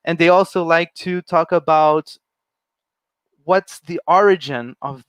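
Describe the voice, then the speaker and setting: A man's voice: on the high side, measured pace, clean tone, dry recording. A young man from Brazil, giving a friendly, enthusiastic presentation while walking through slides. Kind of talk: informal presentation.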